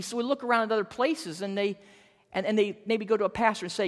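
A pastor in their fifties preaching a sermon in an earnest, animated way, often repeating words. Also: mid-range voice, fast, long reverb tail. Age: 50s.

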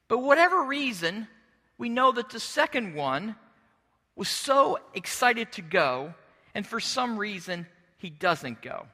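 A middle-aged male pastor preaches a sermon, telling it like an expressive storyteller who drops into character voices. His voice sits high, he speaks slowly, and a long reverb tail trails his words.

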